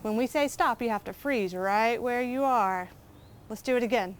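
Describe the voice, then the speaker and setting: A woman leading a children's storytime as a librarian, speaking clearly and encouragingly as she guides the children through movement. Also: on the high side, normal speed, slight background noise. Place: garden outdoors.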